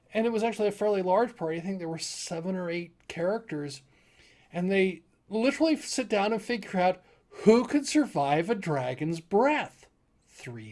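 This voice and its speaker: A man's voice: high voice, darkish tone. A man who runs tabletop games, telling a story from one of his sessions in a rambling, casual way with many restarts. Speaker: game master.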